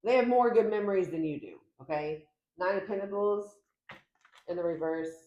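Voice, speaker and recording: A tarot reader speaks to the camera from her home in a chatty, emphatic way, voicing quoted lines with dramatic pitch jumps. She talks at normal speed in a mellow voice, and the audio is dull, echoey, and carries slight background noise.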